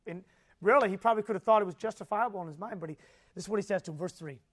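High-voiced, animated male preacher. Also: very fast. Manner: animated storytelling, asks the audience questions; swings between soft and loud. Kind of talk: sermon.

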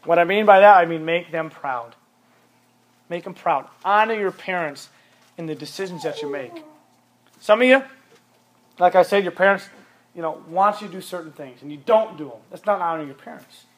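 A man's voice: high voice, moderate pace, pauses often. A man preaching a sermon to young people, blunt and emphatic, often repeating his points. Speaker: youth pastor.

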